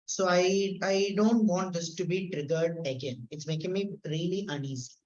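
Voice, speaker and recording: A man taking part in a workshop role-play, speaking earnestly and in a measured way, sometimes restarting as he searches for words. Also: high-pitched, darkish tone. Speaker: workshop participant. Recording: echoey room, dull lo-fi sound.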